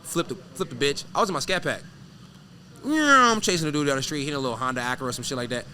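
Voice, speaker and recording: A man who is a professional fighter, guesting on an interview show and telling animated, profane stories that act out each scene. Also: fairly high pitch, rapid-fire, slight background noise. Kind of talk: casual storytelling interview.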